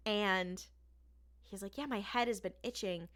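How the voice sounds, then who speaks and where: Woman podcast co-host, bright and clear, casual animated recap. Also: mid-range voice, unhurried. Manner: animated retelling with quoted lines.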